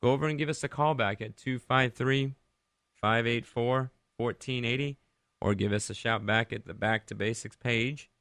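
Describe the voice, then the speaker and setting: A man's voice: medium pitch, fairly even intonation, normal speed, fairly bright tone, smooth, dry recording, clean studio sound. A man from Rhode Island hosting a Christian radio show, talking conversationally, asking listeners many questions and leading a prayer. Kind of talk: devotional radio talk and prayer.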